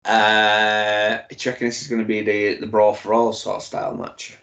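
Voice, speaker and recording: Gravelly low-voiced man. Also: little pitch movement, normal speed, fairly bright tone. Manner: offhand, short replies, speculative. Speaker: podcast co-host. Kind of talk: casual wrestling chat.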